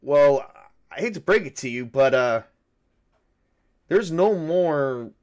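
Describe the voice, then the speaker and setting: A man voicing a calm, defiant police officer who stands his ground. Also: on the high side, slow pace. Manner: steady and unyielding.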